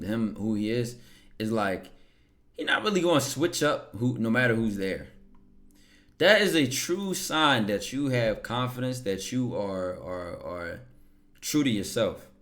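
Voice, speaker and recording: A man's voice: on the low side, fairly bright tone. A man hosting a live stream, talking casually and rambling, often checking in with his audience. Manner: laid-back, rambling, keeps checking in with "right?". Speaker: livestream host.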